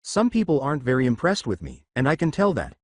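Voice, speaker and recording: A man's voice: medium pitch, wildly swooping pitch, quick pace, breathy edge, dry recording, studio quality. A man voicing a blunt former soldier turned teacher, curt and matter-of-fact.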